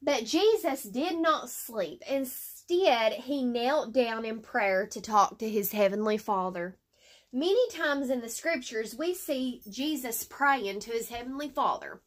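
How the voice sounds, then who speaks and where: A woman teaching a Bible story lesson, reading slowly and deliberately with fillers and self-corrections. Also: on the high side, lively intonation.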